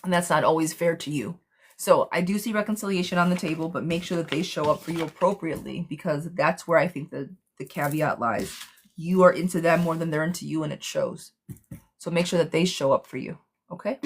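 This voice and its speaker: A woman hosting a casual live tarot reading for viewers. She talks bluntly and excitably, using pet names and swearing. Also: low voice, brisk, a little hiss or hum.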